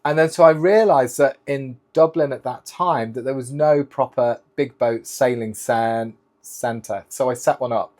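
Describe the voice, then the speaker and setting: A man's voice: medium pitch, a little slow, darkish tone. A middle-aged man, a guest telling long, rambling stories in a casual interview. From United Kingdom. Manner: rambling anecdotal storytelling, strung together with "and then". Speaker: guest, keynote speaker and former sailor.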